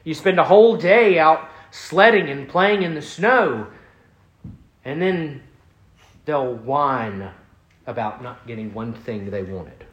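A man preaching a sermon as pastor, earnest, building emphasis and then dropping soft. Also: a little high, lively intonation, slow, echoey room.

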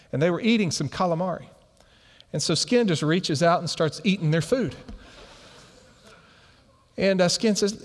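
Animated male preacher in a reverberant hall. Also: a little high, moderate pace, pauses often. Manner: animated storyteller who laughs through his anecdotes. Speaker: pastor. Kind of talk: sermon storytelling.

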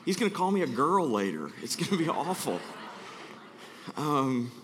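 A man's voice: on the high side, sing-song, normal speed, a bit bright, big-room sound, a little hiss or hum. A middle-aged man from Alabama, preaching as a guest speaker and telling self-deprecating stories in a chatty, joking way. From Alabama, USA. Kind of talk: sermon. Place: church sanctuary.

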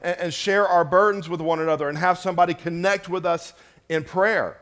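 A pastor preaching a sermon in church, rising to loud emphatic peaks and dropping to hushed, low lines. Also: male voice, steady tone, a little fast.

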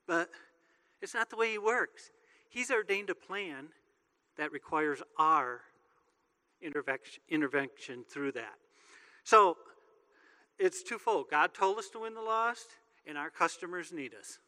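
Bright-voiced preacher man in a reverberant hall. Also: high-pitched, moderate pace. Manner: joking, conversational preaching. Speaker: pastor. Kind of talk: sermon. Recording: long reverb of a large hall.

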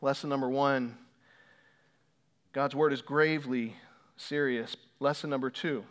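A man's voice: medium pitch, steady tone, clear, resonant tone. A man preaching a sermon, repeating key lines and growing more intense as he makes his points. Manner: builds from measured to intense, repeats key phrases for emphasis. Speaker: pastor.

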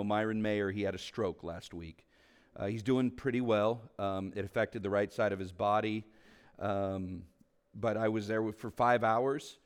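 Man, pastor, sermon, earnest, mid-pitched voice, emphatic rises and soft low drops, rhetorical questions. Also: clear, resonant tone. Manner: earnest, swings between emphatic rises and quiet low asides; asks the congregation rhetorical questions.

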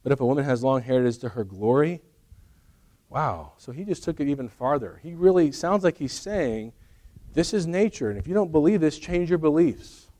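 A man's voice: on the high side, animated, moderate pace, mellow. A middle-aged man preaching a sermon in a conversational way, with joking asides to the congregation. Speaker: pastor.

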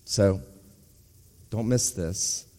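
A man's voice: fairly low pitch, very slow, mellow. A middle-aged or older man preaching an earnest expository sermon that builds to emphatic urgency. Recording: reverberant hall.

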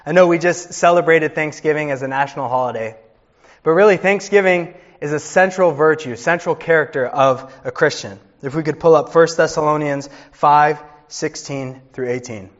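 A man's voice: a little high, moderate pace, highs cut off. A man in his thirties, a pastor preaching a sermon with earnest storytelling.

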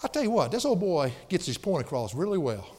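A pastor preaching a sermon in a church sanctuary, emphatic and folksy, with playful asides. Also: male voice, a little high, very animated, fairly quick, a little mellow, breathy edge. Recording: long hall reverb.

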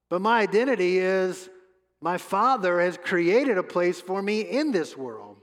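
A man preaching a sermon as pastor, emphatic, repeating his words and pausing often. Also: high-pitched, lively intonation, fairly bright tone. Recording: long hall reverb.

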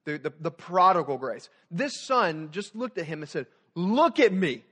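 Animated young man preaching. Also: a little high, normal speed. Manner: animated preaching, rises loud then drops soft. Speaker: student pastor. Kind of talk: sermon.

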